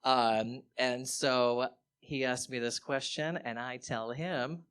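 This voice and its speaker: A man performing standup comedy live, animated and self-mocking, with swearing. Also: medium pitch, slow, noisy background.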